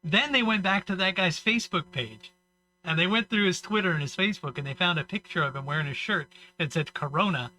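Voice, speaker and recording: Bright-voiced man telling rambling stories. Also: high voice, fairly quick, a little hiss or hum, low-quality recording. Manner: rambling storyteller, acts out quoted people. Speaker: podcast co-host. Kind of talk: casual comedy podcast banter.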